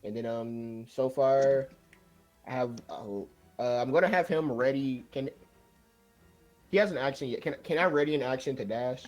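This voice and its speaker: A man's voice: mid-range voice, moderate pace, darkish tone, soft background music. Man player thinking aloud. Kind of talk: casual game table chat.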